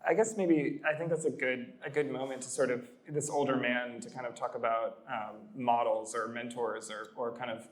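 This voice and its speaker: Male podcast host, middle pitch, searching and hesitant questions. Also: fairly even intonation, normal speed, few pauses, reverberant. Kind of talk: conversational interview.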